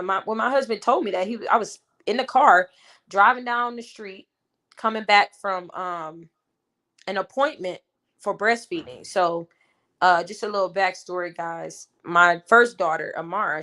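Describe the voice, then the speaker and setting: A woman's voice: medium pitch, steady tone, normal speed, pushed and bright. A woman in her twenties telling a personal story on her vlog in an emphatic, venting way, talking straight to her viewers. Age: 20s. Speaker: vlogger and mother.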